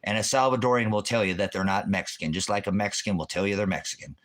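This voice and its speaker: A man's voice: lowish voice, fast, fairly bright tone. A man hosting a ministry livestream, ranting in a heated, profane, rambling way and quoting scripture. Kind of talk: angry livestream rant.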